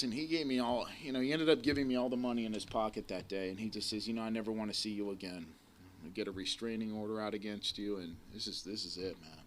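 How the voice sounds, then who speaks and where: A man in his forties speaking at a recovery meeting, telling his story bluntly with plenty of swearing and a rambling flow. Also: lowish voice. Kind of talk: personal recovery share to a live audience. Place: community center meeting room. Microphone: live recording of a talk to an audience.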